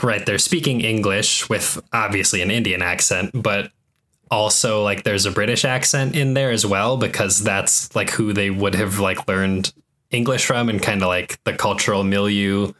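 A man talks loosely on a podcast, wandering through his thoughts with a steady stream of "like" and "you know". His voice sits a bit low and sounds bright. It is relaxed, conversational chat. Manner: rambling, heavy use of "like" fillers. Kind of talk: casual chat.

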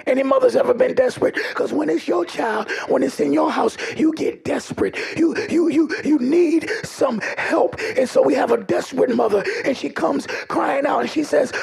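A man preaching a sermon in a call-and-response style, often shouting and dropping humorous asides to the congregation. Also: extremely high pitch. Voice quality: gravelly, raspy.

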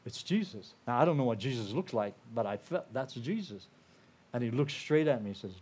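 An older man shares his testimony with a church crowd in a loose storytelling way. His pitch sits in the middle, and he keeps restarting his sentences and filling gaps with "you know". He grows quiet and earnest at the heavy moments. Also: animated, a little fast, husky. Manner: earnest and emotional, dropping softer at heavy moments. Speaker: guest speaker sharing his testimony. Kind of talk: personal testimony told to a church audience.

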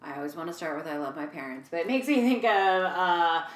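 Podcast co-host, woman, 40s, lowish voice, animated storyteller, echoey room. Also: brisk. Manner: chatty, animated retelling with fillers and quoted voices. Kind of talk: casual chat.

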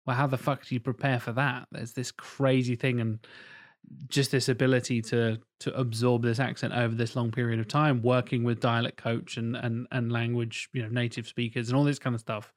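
A man co-hosting a casual podcast chat, telling animated stories and swearing freely. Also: mid-range voice, normal speed. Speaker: podcast co-host.

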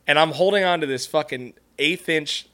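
A man's voice: fairly high pitch, moderate pace, bright, forceful tone. A man hosting a podcast, telling a story in casual, profane chat and laughing often. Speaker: podcast host.

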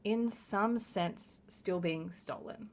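A woman's voice: mid-range voice, takes it slowly, darkish tone. A young adult woman, co-hosting a casual podcast chat and talking earnestly, with lots of "like". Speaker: podcast co-host.

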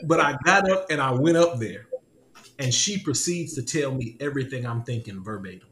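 Speaking at normal speed with lively intonation, this man's mid-range voice sounds fairly bright, with a little hiss or hum in the audio. He's a podcast host recounting a personal story with animation, laughing frequently and repeating himself, in a casual testimony chat from an echoey room with faint ambience.

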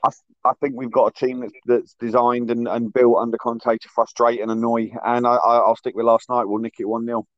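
A man's voice: mid-range voice, flat delivery, brisk, no room sound, muffled recording. A man co-hosting a casual football chat, rambling and repeating words as he talks. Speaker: football podcast co-host.

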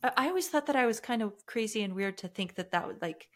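A woman hosting a podcast, chatting in an animated, warm-hearted way. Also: on the high side, fast. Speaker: podcast host. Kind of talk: casual interview conversation.

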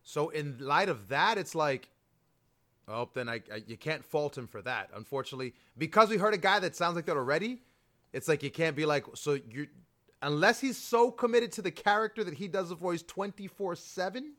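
A man co-hosting a wrestling podcast in casual chat, restarting sentences and rushing when mocking. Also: fairly high pitch, lively intonation, sharp tone. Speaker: podcast co-host.

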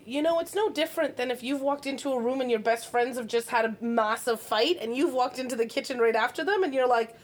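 A woman coaching parents in an easygoing chat, her voice sitting a bit high. She talks with animation and slips into voices to act out scenes. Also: fast talker, hardly any pauses. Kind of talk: casual podcast chat.

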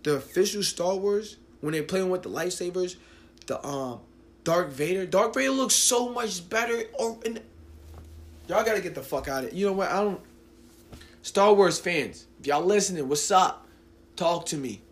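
A man's voice: high-pitched, animated, moderate pace. A man in his late twenties hosting his own podcast, ranting casually, profane and rambling with lots of restarts. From New Jersey. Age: 20s. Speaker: podcast host. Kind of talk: casual solo podcast rant.

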